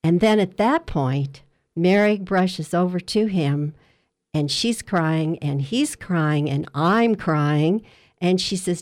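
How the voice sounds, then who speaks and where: A woman working as a hospice dietitian, telling a patient's story in an interview with earnest, measured storytelling. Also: lowish voice, expressive, a little mellow.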